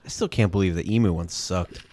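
Low-voiced man joking through reactions. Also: a little fast, heavy background noise. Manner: joking, exclaiming, swearing. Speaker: reaction commentator. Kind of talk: casual reaction commentary.

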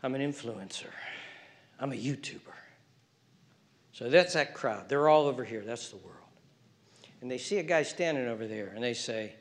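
A male pastor preaching a sermon, alternating emphatic raised calls with hushed, whispered passages. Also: mid-range voice, moderate pace, pauses often.

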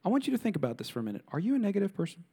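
High-voiced man preaching a lively sermon. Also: racing, breathy edge. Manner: animated preaching, rhetorical questions, mimicking complainers. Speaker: pastor.

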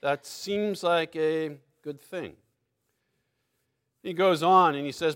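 A man preaching a sermon, his voice sitting a little high for a man. He reads scripture with strong emphasis, then drops into casual asides with small laughs. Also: takes it slowly, long pauses, a bit bright, clean tone.

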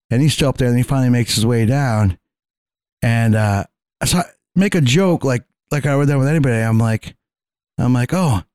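A man in casual podcast chat, telling animated stories full of swearing and quoted dialogue. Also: mid-range voice, no echo. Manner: profane, animated, quotes others in his stories.

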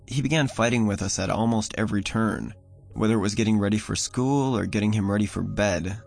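A man narrating a first-person horror story in a measured, somber way. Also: on the low side, creaky. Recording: voice over soft music.

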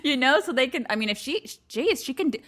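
A woman's voice: sits high, expressive, fast, a bit bright. A woman co-hosting a podcast in casual chat, reacting with frequent laughter and swearing as she tells stories. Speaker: podcast co-host.

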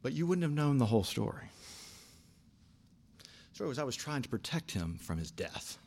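An older man preaching a sermon, telling stories with big swings from quiet asides to shouted lines. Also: mid-range voice, normal speed, breathy edge. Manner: animated storytelling, swings from soft asides to shouting. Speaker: pastor.

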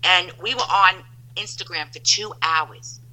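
Loud lady guest telling stories over a tinny phone, super bright sharp voice. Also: fairly low pitch, measured pace. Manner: loud, storytelling, animated. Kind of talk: casual chat.

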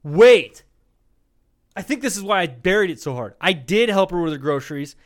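Man with a high voice, young, rambling profane storytelling, podcast co-host. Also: animated, moderate pace. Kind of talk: casual comedic chat.

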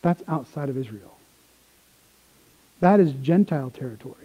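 A man preaching a sermon, swinging from quiet explanation to excited retellings of the crowd. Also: a little high, moderate pace, slightly rough, lo-fi sound. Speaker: pastor.

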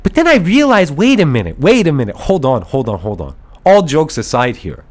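Male podcast host, casual rambling storyteller, slightly high voice with very lively pitch, mimics others. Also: brisk. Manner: animated, rambling storyteller who acts out voices and laughs often.

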